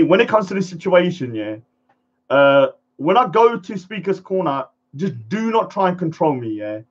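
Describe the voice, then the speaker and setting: A man's voice: fairly high pitch, highs cut off. A man ranting defiantly to camera, acting out pleading voices as he goes. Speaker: vlogger.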